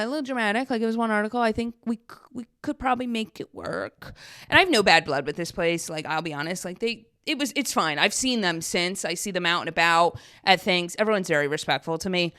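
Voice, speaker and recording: A woman's voice: lowish voice, fairly quick, fairly bright tone. A woman in her thirties hosting a podcast, telling a personal story in a casual, chatty way and acting out her own past lines. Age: 30s. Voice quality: chatty, many "like" fillers, quotes herself. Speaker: podcast host.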